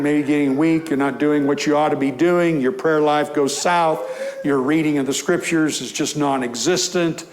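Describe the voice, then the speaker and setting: Guy preaching in church, a bit high voice, chatty then emphatic reading scripture. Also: poor audio. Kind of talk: sermon.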